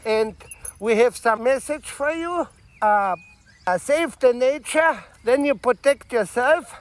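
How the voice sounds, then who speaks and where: A man putting on a high, thick mock Austrian accent, speaking broken, earnest English. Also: expressive, takes it slowly, exaggerated voice.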